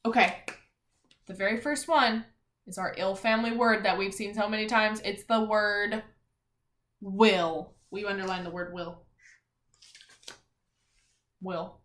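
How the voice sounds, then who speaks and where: A woman teacher giving a phonics and spelling lesson to young children, talking clearly and encouragingly. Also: mid-range voice, fairly even intonation, measured pace, long pauses, a bit bright. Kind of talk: early-grades phonics lesson. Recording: echoey room.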